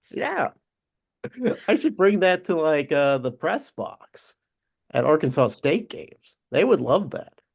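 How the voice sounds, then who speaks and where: Lively, chatty man co-hosting a podcast. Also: fairly high pitch, takes it slowly, gravelly, long pauses, breathy edge. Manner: lively and chatty, laughs easily, restarts sentences. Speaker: podcast co-host. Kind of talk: casual sports podcast chat.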